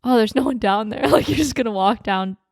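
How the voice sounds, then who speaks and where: A woman's voice: a little high, a little fast, vocal fry, darkish tone, dry recording, studio quality. A young woman co-hosting a podcast, chatting casually with lots of fillers, swearing and laughter. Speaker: podcast co-host. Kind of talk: casual chat.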